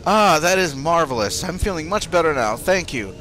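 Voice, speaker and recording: A man's voice: fairly high pitch, lively intonation, normal speed, sharp tone, faint music behind. A man reading aloud a game character, a pleased alien bar patron who gushes sweetly about drinks. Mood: grateful.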